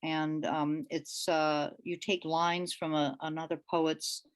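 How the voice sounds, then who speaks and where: A woman giving a poetry reading as the featured poet, delivering her lines in a deliberate, measured way with pauses between them. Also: low voice, little pitch movement. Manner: hesitant, with fillers, when speaking off the page.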